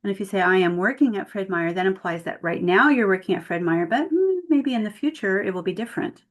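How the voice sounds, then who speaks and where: A woman's voice: medium pitch, expressive, fast talker. A woman leading an online workshop for tutors, explaining grammar with spoken example sentences over a video call mic. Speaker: tutor trainer.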